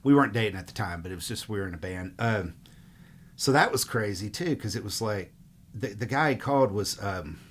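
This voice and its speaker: A middle-aged man from Mississippi, telling stories in a rambling, relaxed way as a musician guest in an interview. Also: on the low side, fairly quick. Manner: relaxed, rambling, frequent fillers. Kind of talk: casual interview storytelling.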